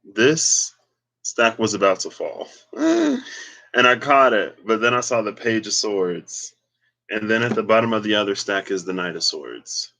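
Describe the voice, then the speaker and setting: Low-voiced guy doing a laid-back tarot reading, slow and rambly, thinking out loud as he goes. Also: big pitch swings, gravelly, low-quality recording. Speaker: tarot reader. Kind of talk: casual solo tarot reading.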